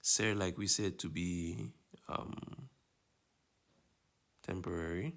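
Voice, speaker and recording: Man, Spanish teacher, very low voice, gravelly, patient explanations. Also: slow pace, fairly bright tone. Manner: explains patiently, checks in with "all right?". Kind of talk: recorded lesson walkthrough.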